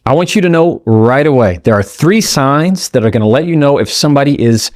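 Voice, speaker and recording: A man's voice: medium pitch, animated, a little mellow, no room sound, studio quality. A man hosting his own podcast, giving an emphatic motivational talk straight to the listener with rhetorical questions. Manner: acts out quoted people in quick asides. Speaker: podcast host.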